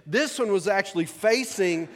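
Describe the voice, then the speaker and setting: A man's voice: high voice, expressive, moderate pace. Folksy male pastor in a reverberant hall. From rural American South. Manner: folksy, conversational, asks the congregation questions. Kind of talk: sermon.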